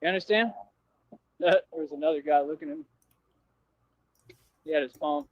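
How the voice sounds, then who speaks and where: Speaking at a moderate pace in a fairly high voice, a man rants at his livestream viewers in a confrontational, slangy way, repeating himself along the way. The recording is dry, with dull livestream quality.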